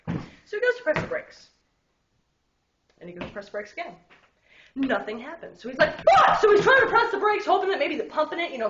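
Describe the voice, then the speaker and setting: A woman's voice: a little high, background noise. A drunk woman telling crude jokes at a party, swearing with lots of fillers and laughing asides. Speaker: joke teller. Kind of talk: casual joke telling at a party. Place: indoor party. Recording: roomy, dull party recording.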